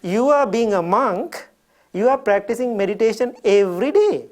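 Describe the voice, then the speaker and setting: A man's voice: high voice, expressive, moderate pace, pitched above the performer's own voice. A man quoting his older mother, a pious and insistent woman, in a raised, emphatic voice.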